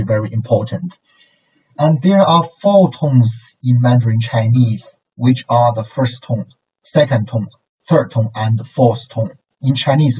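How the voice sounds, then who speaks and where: A man's voice: mid-range voice, warm tone, slightly rough. A man teaching a language lesson, patiently modeling syllables and tones for repetition and checking in with "okay" and "right". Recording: distant, dull lo-fi sound.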